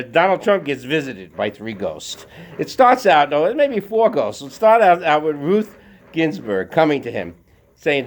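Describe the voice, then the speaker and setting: Animated man rambling in his garage. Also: on the high side. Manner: rambling political commentary with many fillers; talking while working out. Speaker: vlogger. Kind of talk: casual monologue. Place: home garage.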